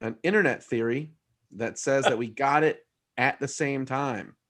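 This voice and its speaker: A man's voice: medium pitch, a little slow, fairly bright tone. A man co-hosting a casual video-call chat, brash and crude, swearing and joking. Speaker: podcast co-host.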